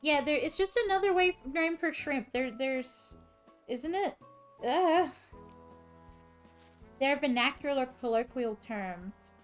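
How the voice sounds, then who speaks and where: A woman chatting casually and swearing freely as she reacts out loud to a video game on a live stream. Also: high-pitched, animated, takes it slowly, long pauses, faint music behind.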